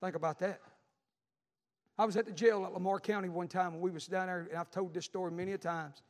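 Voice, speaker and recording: A middle-aged man preaching a fervent sermon that builds to shouting, in a church sanctuary. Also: high-pitched, steady tone, quick pace. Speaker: pastor. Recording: long hall reverb.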